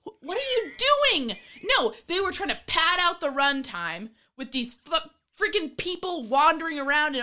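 A woman co-hosting a casual movie-review chat, ranting in an animated, exasperated way with swearing and mocking voices. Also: high-pitched, moderate pace, few pauses. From of Irish descent. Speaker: podcast co-host.

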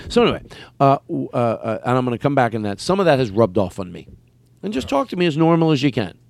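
A man's voice: mid-range voice, big pitch swings, quick pace, vocal fry, a little mellow. A man from Philadelphia with a Philadelphia accent, hosting a casual comedy podcast in a rambling, playful way that keeps interrupting itself. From Philadelphia, United States. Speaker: podcast host.

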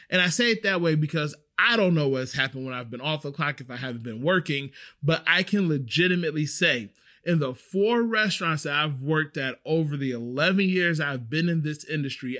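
Guy, kinda high voice for a man, server talking restaurant tips, emphatic and chatty, repeats stuff to hammer it home. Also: sharp tone. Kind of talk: casual advice monologue.

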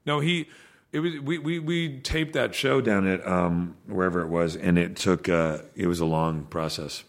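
A man with a gravelly, fry-laden voice talks loosely as a podcast guest. He stops and restarts often, filling the gaps with fillers. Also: low voice. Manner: halting, many restarts and fillers. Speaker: actor guest. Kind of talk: casual podcast chat.

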